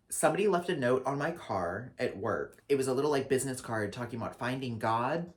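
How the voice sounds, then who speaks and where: A young man and drag performer recapping his year in a casual vlog, talking dramatically with a lot of swearing and jumping between loud rants and flat asides, in his apartment. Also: mid-range voice, a little fast, hardly any pauses. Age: young adult. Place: apartment lit only by a ring light.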